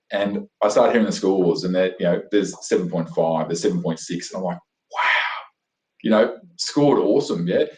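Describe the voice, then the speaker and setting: Low-pitched with a darkish tone, this Australian interview guest rambles eagerly through his story, stumbling over fillers and restarts. It's animated, conversational storytelling, recorded with a roomy echo.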